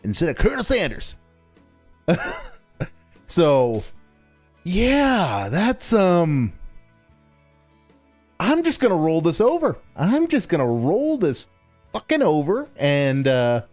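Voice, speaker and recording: Sarcastic guy ranting on a game stream, lively swoopy voice, dry mic, faint music. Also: on the high side, very slow, long pauses, no echo. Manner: sarcastic, mocking, rambling with restarts and swearing. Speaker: stream host and co-commentator. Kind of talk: casual stream commentary.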